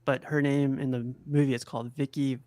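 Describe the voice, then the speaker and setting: A man's voice: mid-range voice, level tone, fairly quick, a little mellow, smooth, no echo. A man co-hosting a casual movie chat, chatty and giggly, telling stories. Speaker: co-host of a movie watch-along.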